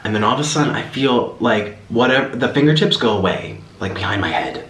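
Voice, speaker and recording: A man vlogging a casual story while he eats, rambling and animated, with lots of restarts. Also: mid-range voice, brisk. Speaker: mukbang vlogger. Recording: roomy echo, faint background hiss.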